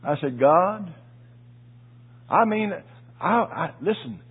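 A man preaching a sermon, telling a personal story in a folksy, emotional way with asides to the congregation, his voice husky. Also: high-pitched, animated, takes it slowly, long pauses. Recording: tinny phone-like audio.

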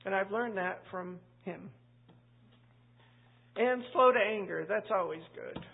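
A woman pastor leads a Bible study in a relaxed, chatty way and keeps drifting into little stories and asides. Her voice is gravelly and husky. The sound is thin and tinny, like a phone line. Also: mid-range voice, slow. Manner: chatty and anecdotal, full of asides. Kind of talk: conversational Bible study teaching.

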